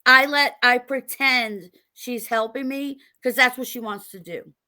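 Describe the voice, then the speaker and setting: Middle-aged woman guest, animated storyteller, bright and fairly high voice. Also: unhurried. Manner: animated, laughing storyteller acting out quotes. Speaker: podcast guest, author. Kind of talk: casual interview storytelling.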